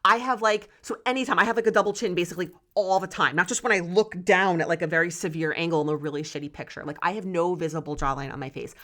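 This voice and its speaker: A woman's voice: fairly low pitch, fast, few pauses, a bit bright. A woman in her forties hosting a solo podcast, talking candidly and passionately and swearing freely. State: close to tears. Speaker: podcast host.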